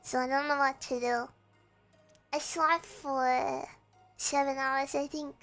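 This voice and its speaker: A woman's voice: high-pitched, steady tone, slow, a bit bright, faint music behind. A young woman streamer chatting casually while sick and feverish, her voice strained, fretful and rambling with frequent laughs. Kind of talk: casual livestream chat.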